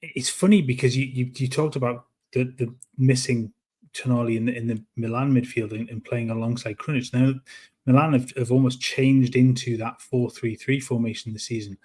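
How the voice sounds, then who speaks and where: His voice is mid-range, steady, slightly mellow and husky: a man from North East England co-hosting a football podcast. He chats casually but haltingly, with frequent restarts and repeated words.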